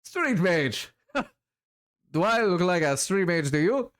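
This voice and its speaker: A man's voice: medium pitch, expressive, moderate pace, smooth, close to an everyday voice. A man voicing a scrawny, cheerful street elf drug dealer with sly, boastful sales patter, reading a video game aloud.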